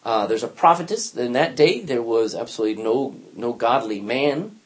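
Older man, Bible teacher, chatty and animated, pitch swinging widely as he tells stories. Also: moderate pace. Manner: animated storyteller, acts out quotes, frequent restarts. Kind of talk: informal Bible lesson.

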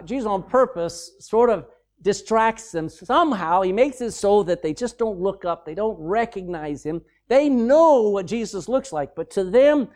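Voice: medium pitch, a little mellow. A preacher giving a sermon, reading scripture aloud and explaining it in a conversational, folksy way.

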